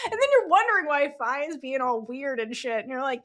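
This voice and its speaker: Female podcast host, fairly high voice with lively swings, casual and animated, quick to laugh. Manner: animated, laughs often, acts out quotes. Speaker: podcast host reviewing a novel. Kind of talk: casual chat.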